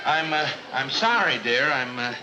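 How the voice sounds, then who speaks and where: An actor playing a flustered middle-aged judge husband in a 1950s TV sitcom, stammering through many hesitations. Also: male voice, mid-range voice, lively intonation, normal speed, lightly acted. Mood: embarrassed. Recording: old TV soundtrack with studio audience laughter and hiss.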